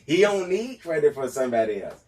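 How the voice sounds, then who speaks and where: A man's voice: a little high, sing-song, fairly quick, a little mellow, distant mic. Emphatic man reacting in casual chat. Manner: emphatic commentary, mock-dramatic reactions. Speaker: podcast co-host.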